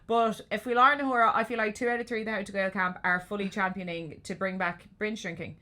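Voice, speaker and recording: A young Irish woman co-hosting a podcast, bubbly and quick to agree and joke, mixing Irish with English. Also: mid-range voice, steady tone, pushed and bright. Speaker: podcast co-host. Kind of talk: casual bilingual chat.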